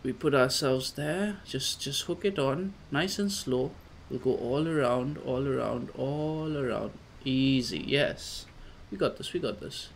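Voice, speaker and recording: A man doing casual let's play commentary, coaxing his character along with repeated calm-down phrases. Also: mid-range voice, a little slow, gravelly, hardly any pauses, slight background noise. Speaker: gamer.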